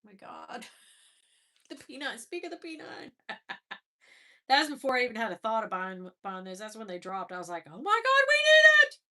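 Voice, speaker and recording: Chatty middle-aged woman, bright voice. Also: mid-range voice, normal speed, long pauses. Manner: chatty, laughing, exclaiming. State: stuffy nose after crying. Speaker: livestream host. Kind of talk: casual livestream chat.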